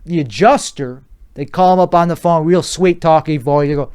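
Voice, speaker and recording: A man's voice: on the high side, moderate pace, darkish tone, clean tone. Crude, rambling man riffing solo. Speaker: podcast host. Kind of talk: solo comedic riff in character.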